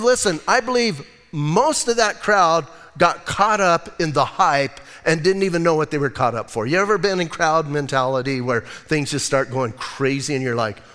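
Male pastor, slightly high voice, casual animated sermon storytelling, church hall with a long reverb tail. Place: church sanctuary.

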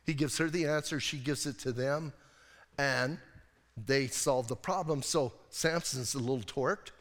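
A man's voice: mid-range voice, unhurried, fairly bright tone. A man preaching a sermon as pastor, retelling a story in a casual, joking way with lots of rhetorical questions. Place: church sanctuary. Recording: long hall reverb.

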